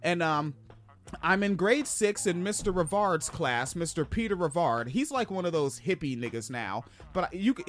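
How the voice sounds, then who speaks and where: A man from Washington State hosting a podcast, telling stories in a profane, animated way. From Washington State, USA. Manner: profane, animated, swings pitch for emphasis. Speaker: podcast host. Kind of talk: casual storytelling chat.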